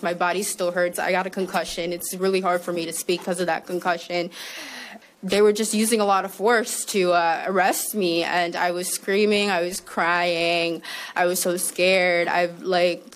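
Halting, tearful woman in a clip. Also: on the low side, level tone. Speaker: arrestee in a news clip. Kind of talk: emotional personal account.

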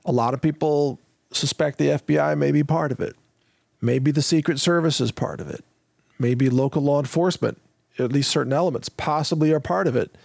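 A man's voice: on the high side, brisk, creaky, a little mellow, dry recording. A male show host giving assertive commentary.

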